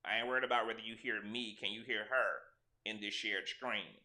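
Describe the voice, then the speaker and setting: A man's voice: on the low side, steady tone, a little fast, pushed and bright. A man hosting a casual livestream, blunt and profane, talking straight to his viewers through a cheap desk microphone. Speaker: livestream host. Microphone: cheap desk mic.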